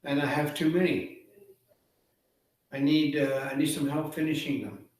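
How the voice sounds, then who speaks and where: A man voicing a sly, smooth-talking male trickster raven who coaxes in an overly friendly way. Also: fairly high pitch, flat delivery, moderate pace, a little mellow, lightly acted. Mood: coaxing. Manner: coaxing, wheedling, overly friendly. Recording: echoey room, far from mic.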